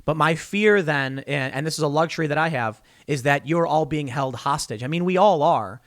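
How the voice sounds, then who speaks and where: A man's voice: a little high, normal speed, no room sound, clean studio sound. A man hosting a solo political commentary show, arguing his point with examples and often restarting his sentences. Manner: animated, repeats himself, argues by example.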